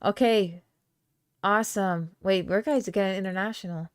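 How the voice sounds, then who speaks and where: On her podcast live stream, this woman reads viewer comments aloud and chats loosely and playfully, with fillers and quick laughs. Aramaic is her first language, her voice sits mid-range, and the dry recording has studio quality.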